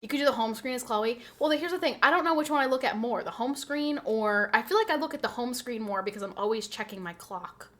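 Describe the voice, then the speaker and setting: Bright, giggly woman streamer. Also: fairly high pitch, fast talker, few pauses. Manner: giggly, rambling, reads and answers chat. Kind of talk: casual chat.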